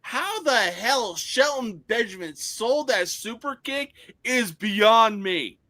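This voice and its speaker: A man in a casual chat over a video call, excitable and swearing freely. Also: very high-pitched, slow pace, no echo.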